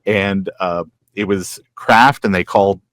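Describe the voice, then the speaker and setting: A man's voice: sits low, fairly even intonation, unhurried, a bit bright, no echo. A man hosting an interview, chatting casually and swapping stories, often trailing off and restarting. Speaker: host.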